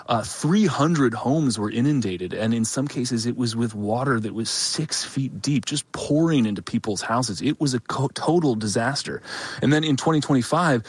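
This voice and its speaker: A man reporting live from a flood zone, measured, with occasional fillers and restarts. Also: mid-range voice, slightly rough, dry recording. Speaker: field reporter. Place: outdoors near a flood zone.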